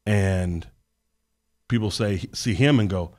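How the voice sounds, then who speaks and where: A man who is a podcast guest and works on college sports staff. He tells earnest, animated stories in a casual interview conversation. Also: fairly low pitch, normal speed.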